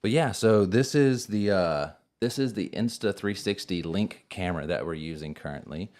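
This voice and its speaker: A man's voice: low voice, normal speed, darkish tone. A man hosting a podcast in a studio, chatting casually and rambling about shows and camera gear. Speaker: podcast host. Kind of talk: casual chat.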